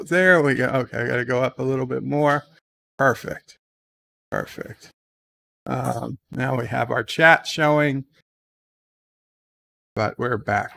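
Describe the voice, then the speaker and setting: Gravelly man hosting a live chat stream. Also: mid-range voice, a bit bright. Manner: chatty, rambling, reads viewer comments aloud.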